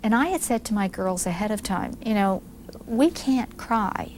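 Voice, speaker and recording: A woman in her fifties from the United States, candidly recalling events in an interview, animated, with frequent restarts. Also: mid-range voice, fairly quick, a little hiss or hum. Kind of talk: reflective interview recollection.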